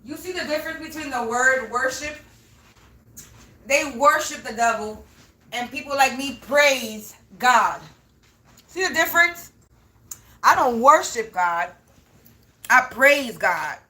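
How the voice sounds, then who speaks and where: A woman's voice: high-pitched, animated, takes it slowly, long pauses, sharp tone. A woman spiritual reader talking to camera in an unscripted, profane rant, stressing points by repeating them. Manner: profane, emphatic, repeats herself. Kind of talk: unscripted ranting monologue.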